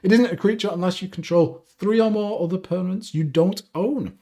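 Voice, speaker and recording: A man's voice: sits high, brisk. A man hosting a casual card game review, reading card text aloud and adding upbeat asides. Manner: reads card text aloud, animated, self-deprecating asides. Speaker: deck review host.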